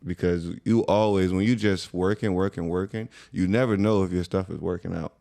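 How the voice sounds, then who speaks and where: Podcast co-host, young American man: very low, gravelly voice, relaxed slangy storyteller. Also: fairly quick. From USA. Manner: laid-back, conversational, slangy. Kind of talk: casual storytelling chat.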